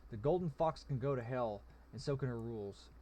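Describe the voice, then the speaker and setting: A man's voice: medium pitch, fairly quick, dark tone, lightly acted. Figure: caged male tiger mage, read by a man. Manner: pleading, then proud. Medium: read-aloud fantasy game. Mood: defiant. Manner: pleading, defiant.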